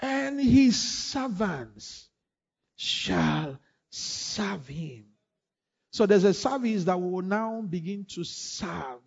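A man's voice: a little high, breathy edge, dull audio. A man preaching a sermon in church, repeating phrases and calling on the congregation to respond. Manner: repetitive, call-and-response, rising to shouts. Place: church hall.

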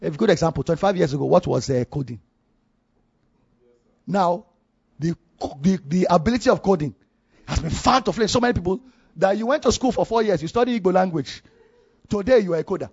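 Husky preacher, muffled recording. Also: male voice, high voice, lively intonation, fairly quick, long pauses, a little mellow. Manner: repeats and restarts phrases, asks the congregation questions. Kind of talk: sermon.

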